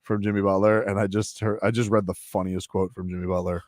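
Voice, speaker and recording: A man's voice: low voice, little pitch movement, fast talker, a little mellow, dry recording, clean studio sound. A man hosting a sports radio show, bantering brashly and trash-talking rival fans.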